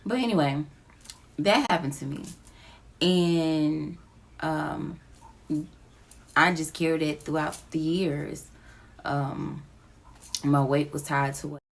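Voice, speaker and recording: Slow, emotional woman with a gravelly voice. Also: low-pitched, steady tone. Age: adult with children. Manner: slow, halting, emotional, near tears. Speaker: vlogger. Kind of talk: personal confessional vlog. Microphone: phone app recording.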